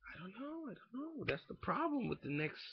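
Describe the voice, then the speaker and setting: A young man ranting casually into a webcam indoors, profane and rambling, swinging from muttering to shouting. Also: extremely high pitch, sing-song, a little fast, vocal fry, husky, no room sound. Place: indoors at home. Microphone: webcam mic. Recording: dull lo-fi webcam audio.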